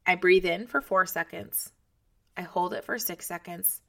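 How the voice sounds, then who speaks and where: A woman's voice: fairly low pitch, measured pace, gravelly. A woman in her thirties hosting a podcast, talking casually and encouragingly to other moms. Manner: chatty and encouraging, talks straight to the listener. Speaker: podcast host. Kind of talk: casual motivational talk to moms.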